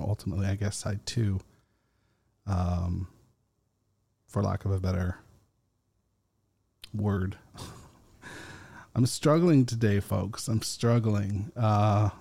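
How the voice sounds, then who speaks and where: A man hosting a casual solo podcast, talking slowly and rambling with fillers and chuckles. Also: fairly low pitch, mellow, dry recording. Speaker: podcast host.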